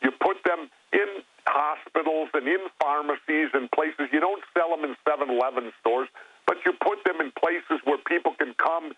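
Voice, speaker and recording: A man's voice: a little high, husky. A man speaking as a guest in an interview, telling stories in a blunt, plain-spoken way. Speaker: guest, former governor. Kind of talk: phone-in interview talk. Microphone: telephone. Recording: tinny phone line.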